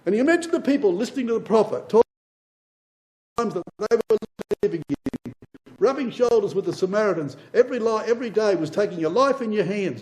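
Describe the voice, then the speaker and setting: A man's voice: high-pitched, expressive, quick pace, darkish tone, low-quality recording. A man giving a Bible class as a sermon, speaking with passion, building up through repeated phrases and addressing his listeners as brothers and sisters.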